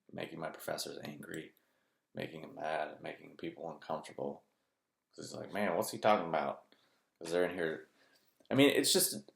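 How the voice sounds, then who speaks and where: A man's voice: sits low, creaky. A man giving a blunt, profane, sarcastic personal monologue as a vlogger. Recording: roomy echo.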